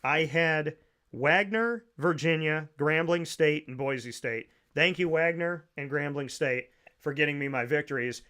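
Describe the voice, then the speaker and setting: A man's voice: fairly high pitch, a little slow, fairly bright tone. A man hosting a casual sports talk show, upbeat, chatty and sincere.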